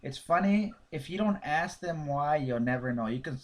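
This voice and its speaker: Animated man coaching on sales. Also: on the high side, moderate pace. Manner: animated, acts out sales dialogues. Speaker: network marketing coach. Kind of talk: casual sales coaching talk.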